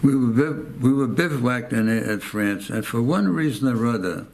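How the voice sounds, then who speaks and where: A mid-range, somewhat mellow voice with vocal fry, expressive and moderately paced: a man from the United States in his nineties. In a rambling oral-history interview he tells of the war, repeats himself, and acts out quoted speech.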